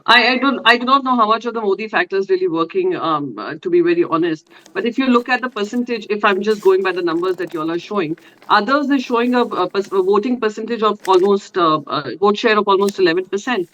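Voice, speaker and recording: A woman's voice: medium pitch, fast talker, a bit bright. Insistent Indian woman on a lo-fi feed. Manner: insistent, many fillers and restarts. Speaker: politician, panel guest. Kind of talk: televised debate.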